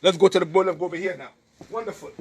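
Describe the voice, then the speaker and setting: A health educator with a Caribbean accent gives a lively, preachy and emphatic health talk to an audience, repeating his points and quizzing his listeners. His man's voice is high-pitched and very fast, with a breathy edge.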